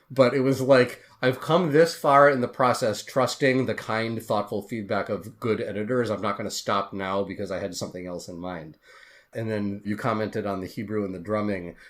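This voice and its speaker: A man's voice: lowish voice, normal speed. A man, a guest author on a podcast interview, telling his story in an earnest, heartfelt way.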